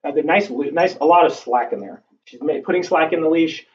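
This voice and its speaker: A man's voice: fairly high pitch, fairly quick. Male dog trainer, casual demo delivery, distant lo-fi recording with faint background noise. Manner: casual, talks through the steps with fillers. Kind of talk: instructional demonstration.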